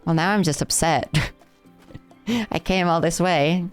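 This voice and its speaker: A woman's voice: lowish voice, fairly even intonation, a little slow, clear, resonant tone, soft background music. A woman streaming a game live, chatting playfully with her viewers as she plays. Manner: playful, rambling, chats with viewers.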